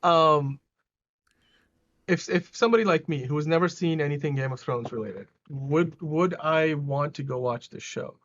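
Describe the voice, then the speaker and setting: Inquisitive male podcast co-host, higher voice, slightly muffled audio. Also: normal speed, fairly bright tone. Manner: chatty, asks questions, self-interrupting. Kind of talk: casual podcast chat.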